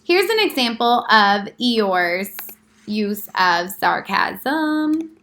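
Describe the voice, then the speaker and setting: A woman's voice: mid-range voice, very animated, drawn-out words, a bit bright. A woman presenting a prepared class talk, reading it aloud carefully with a few slips.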